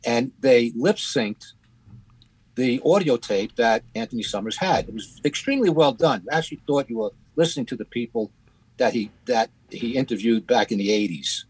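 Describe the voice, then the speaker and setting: Husky man, halting podcast critique. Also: mid-range voice, darkish tone, poor audio. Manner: halting, many fillers and restarts. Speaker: podcast co-host. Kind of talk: casual critique chat.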